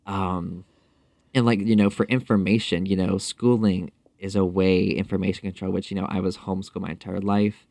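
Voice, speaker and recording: A man's voice: deep voice, little pitch movement, a little mellow, dry recording, clean studio sound. A man speaking as a podcast guest in a casual interview, talking thoughtfully with frequent fillers and restarts. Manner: thoughtful, halting, many fillers.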